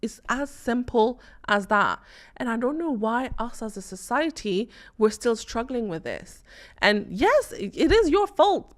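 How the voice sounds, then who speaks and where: A woman hosting her own talk show, speaking casually and emphatically, full of rhetorical questions and checks like "okay?" and "right?". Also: mid-range voice. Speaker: host. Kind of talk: opinionated casual talk to camera.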